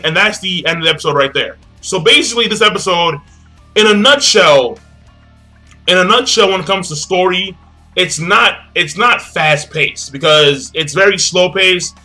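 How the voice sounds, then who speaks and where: A man giving a casual, excited anime episode review, full of slang, swearing and repeated phrases. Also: sits high, normal speed, faint music behind.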